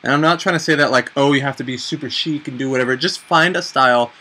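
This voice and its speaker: A man in his twenties giving casual, self-mocking advice in a chatty, animated way on a home vlog. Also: mid-range voice, fast, rough recording. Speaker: vlogger.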